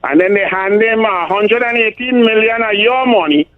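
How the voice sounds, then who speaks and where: A man's voice: high-pitched, normal speed, faint music behind. A middle-aged man with a Trinidadian accent, hosting a talk radio show and giving emphatic political commentary, often stumbling over numbers. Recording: tinny phone-like radio sound.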